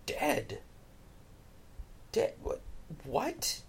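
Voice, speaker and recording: A preacher voicing a confused, humble young man, asking hesitant, soft questions. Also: extremely slow, in a whisper. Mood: disbelieving. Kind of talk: storytelling sermon.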